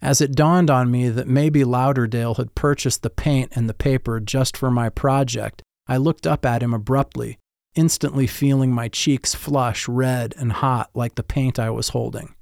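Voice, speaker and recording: A man's voice: medium pitch, fairly even intonation, normal speed, gravelly, darkish tone, dry recording, studio quality. A man giving scripted first-person narration of a story in a reflective, wry manner.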